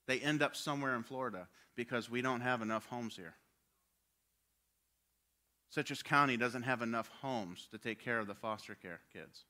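A man preaching a sermon with passion, swinging from loud urging to hushed quiet. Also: mid-range voice, moderate pace.

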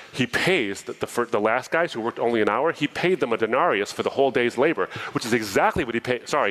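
A man's voice: mid-range voice, low-quality recording. A man preaching a sermon, reading a parable aloud and breaking off into casual asides to explain it. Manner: animated storytelling, reading scripture with asides.

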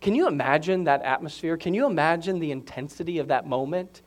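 A man preaching a sermon to his congregation, moving from calm explanation to loud, excited proclaiming. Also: on the high side, a little fast. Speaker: pastor.

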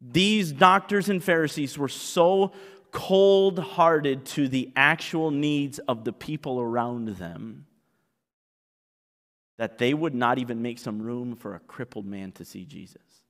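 Animated preacher in a big echoing hall. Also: male voice, mid-range voice, takes it slowly. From Canada. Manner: animated preaching, acting out voices, swinging from quiet asides to loud exclamations. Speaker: pastor. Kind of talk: sermon. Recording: long reverb of a large hall.

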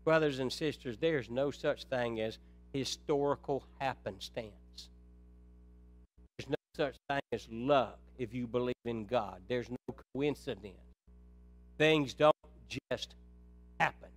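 A man preaching a sermon, calling his listeners brethren, shifting from quiet, low stretches to loud, high, urgent passages. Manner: swings from soft and low to loud and high when stirred.

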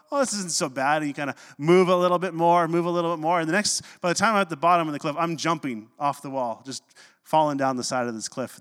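A man preaching a sermon, telling stories with animated delivery and dropping low and slow for scripture quotes. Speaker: pastor. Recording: long reverb of a hall.

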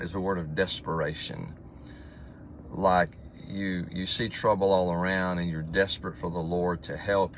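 Low-voiced pastor teaching from scripture. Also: male voice, fairly bright tone, a little hiss or hum. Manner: reads scripture aloud with rising emphasis, then chats informally; conversational, with fillers and restarts. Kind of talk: devotional Bible teaching.

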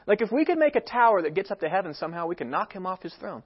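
Heard on a dull, lo-fi recording, this pastor speaks very fast in a high, husky, sing-song voice. His sermon is emphatic, full of rhetorical questions and quotes he acts out.

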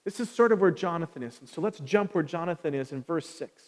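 Male pastor, sermon, conversational, asks the congregation questions, high voice, church sanctuary reverb. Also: lively intonation, quick pace. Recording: long reverb of a large hall.

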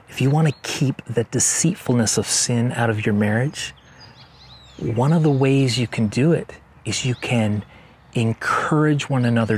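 Guy pastor giving a sermon, chatty and funny, mid voice, drags words out slow to make a point. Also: mid-range voice, slightly rough. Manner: conversational and joking, slows down for emphasis. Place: church service.

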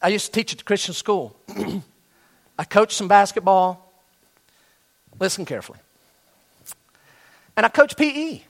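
A man's voice: sits high, sing-song, a little slow, vocal fry, pauses often. A middle-aged man preaching a sermon, telling a story and acting out the voices of students and their coach. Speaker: pastor.

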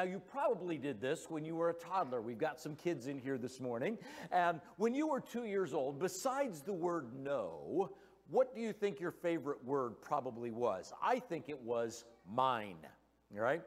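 Storytelling male preacher, lightly raised pitch. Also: big-room sound. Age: middle-aged. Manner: storytelling with playful humor. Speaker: guest preacher. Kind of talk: sermon. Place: church sanctuary.

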